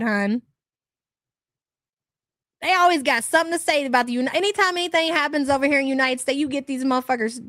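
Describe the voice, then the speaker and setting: A woman's voice: high-pitched, fairly bright tone, no room sound. Blunt, swearing woman ranting, dry close mic. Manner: blunt, profane, exasperated ranting; laughs often. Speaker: livestream host reading chat. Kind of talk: casual livestream rant.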